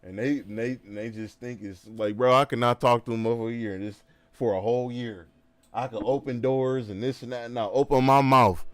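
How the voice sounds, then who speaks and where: A man in the middle of a livestream who lets loose with emphatic, slangy rants. His voice sits at an ordinary pitch, and the sound is close and dry with almost no room around it. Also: brisk, dry recording. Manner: animated, emphatic ranting with slang. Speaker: streamer. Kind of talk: casual livestream chat.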